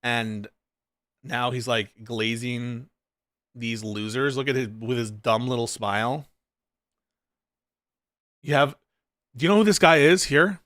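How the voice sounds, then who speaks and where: A man's voice: takes it slowly, pauses often, fairly bright tone, no echo. Profane, sarcastic male streamer, dry sound. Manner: mocks others in shrill put-on voices. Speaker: streamer and political commentator. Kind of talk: live-stream reaction commentary.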